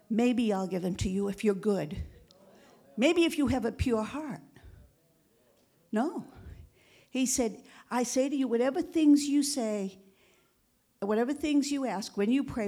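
A woman pastor delivers a sermon in a voice pitched a little high. She preaches emphatically, calling out for amens and sinking to a hushed whisper for quotes. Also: expressive, unhurried, long pauses. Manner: emphatic preaching with frequent call-outs for amen.

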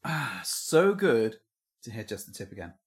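A man's voice: medium pitch, very animated, moderate pace. A man co-hosting a podcast in casual, cheeky chat, teasing and joking playfully. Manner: playful, cheeky, breaks into silly songs. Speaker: podcast co-host.

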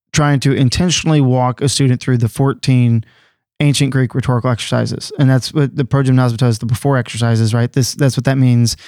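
A man's voice: mid-range voice, a little mellow, dry recording. Man explaining on a dry podcast mic. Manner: explanatory, with fillers and restarts. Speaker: curriculum podcast panelist. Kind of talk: casual panel discussion.

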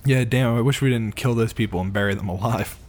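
A man's voice: mid-range voice, quick pace, a little mellow. Fields: Sex: man. Role: podcast co-host. Style: playful, profane riffing. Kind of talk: casual comedic chat.

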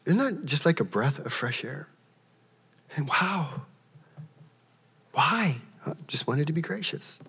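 A man preaching a sermon in a church, emphatic, his voice jumping high as he acts out quotes. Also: big pitch swings, brisk, few pauses, breathy edge, in a large hall. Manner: emphatic, rising to a high pitch when acting out quotes. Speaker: pastor.

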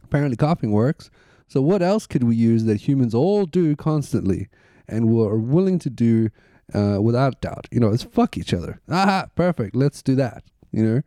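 Man, dark mellow voice, crude joking banter, casual podcast chat, dry close mic. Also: medium pitch, big pitch swings, moderate pace, dry recording. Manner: crude, joking, riffs in bits. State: coughing. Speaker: podcast co-host.

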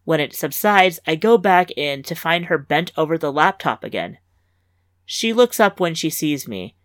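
Slightly low female story reader, wry lively first-person delivery, dry close mic. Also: measured pace, dry recording. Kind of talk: scripted fiction narration.

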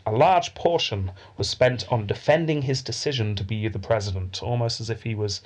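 Husky man telling history. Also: lowish voice, moderate pace, a little mellow. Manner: chatty, laughs easily. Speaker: podcast host. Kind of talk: conversational history storytelling.

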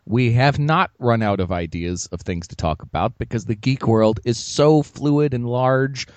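A man's voice: medium pitch, a little slow, no echo, highs cut off. A man co-hosting a podcast, chatting casually and joking as he rambles through the topic. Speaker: podcast co-host.

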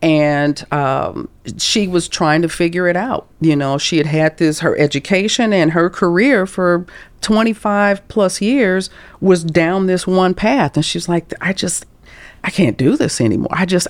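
A woman in her fifties from St. Louis, a career coach telling stories as a guest in an interview, expressive and acting out quoted voices with chuckles. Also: fairly low pitch, measured pace, no echo. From St. Louis, USA. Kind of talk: storytelling interview talk.

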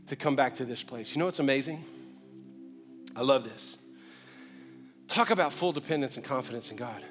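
A male pastor preaching a sermon, moving from quiet storytelling to shouted calls to the congregation. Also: high voice, in a large hall.

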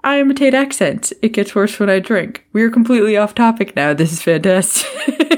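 A woman's voice: medium pitch, lively intonation, brisk. A woman co-hosting a podcast in casual chat, tipsy from drinking, rambling, swearing and laughing often. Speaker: podcast co-host.

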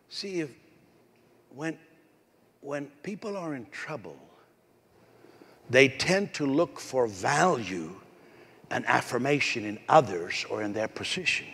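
A male pastor preaching a sermon with a raspy voice, emphatic and repetitive, calling out to the congregation. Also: mid-range voice, expressive, slow, pauses often, fairly bright tone. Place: church. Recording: echoey hall.

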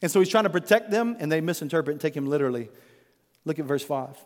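High-voiced male pastor, ringing hall. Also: expressive, quick pace. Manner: conversational preaching, addresses listeners as friends. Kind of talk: sermon.

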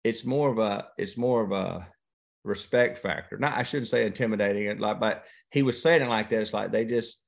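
Here's a guest angler in his fifties with a voice on the low side, some vocal fry, and a normal speaking speed. Chatting casually in an interview, he tells stories like a folksy, drawling raconteur and voices other people's lines.

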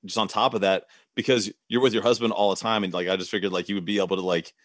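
Man, casual host chat, low-ish pitch, dry room, rambling. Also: fairly even intonation, quick pace, a bit bright, dry recording. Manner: rambling, laid-back, many fillers. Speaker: interviewer host.

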